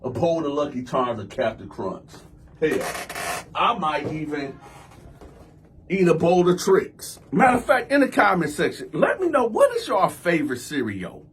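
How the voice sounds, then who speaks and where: A man's voice: a little high, very animated, moderate pace, slight background noise. A man hosting his own channel, telling a personal story in a loose, conversational way and acting out scenes with sound effects. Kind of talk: storytime vlog.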